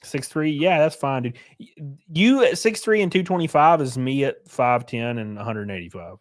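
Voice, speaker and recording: A man's voice: mid-range voice, lively intonation, moderate pace. A man hosting a casual livestream, reading viewers' comments aloud and answering them in a loose, joking, rambling way. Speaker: livestream host reading chat.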